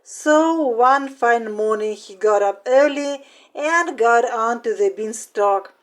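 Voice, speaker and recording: A woman reading a fairy tale aloud, slow and deliberate, savoring the repetitions. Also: fairly high pitch, rough recording. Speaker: storyteller.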